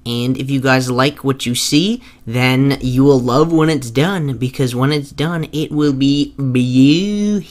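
A man's voice: medium pitch, fairly even intonation, unhurried, hardly any pauses. A young man making a gaming video, talking casually and eagerly to his viewers and often restarting his sentences. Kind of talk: casual talk to viewers over gameplay footage.

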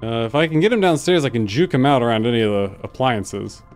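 A gaming video host talks fast while playing a horror game, yelping and laughing at the scares and muttering low in between, with faint game music behind him.

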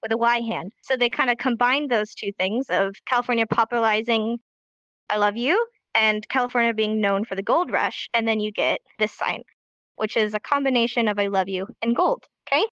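A woman's voice: on the high side, fairly quick, fairly bright tone, no room sound. A woman teaching a live online sign language class in an upbeat, encouraging way, recorded as dull lo-fi stream audio.

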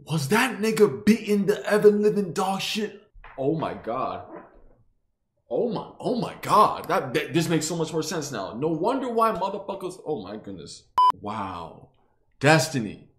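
A man's voice: fairly high pitch, sing-song, unhurried, a bit bright, a little hiss or hum. A young man reacting to a movie with profane, laughing, incredulous outbursts. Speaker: reaction video host. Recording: echoey room.

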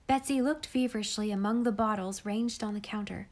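A woman reading a classic children's novel aloud in clear, measured storytelling. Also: medium pitch, darkish tone. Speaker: audiobook reader.

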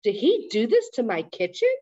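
A woman reading aloud, voicing a confused, sharp-tongued old grandmother who demands answers. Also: medium pitch, very animated, unhurried, highs cut off. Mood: hostile. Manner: indignant, demanding questions.

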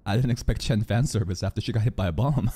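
A man reacting live to an anime episode, excitable and profane, swinging between loud outbursts and low muttering. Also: fast talker, a crowd in the background.

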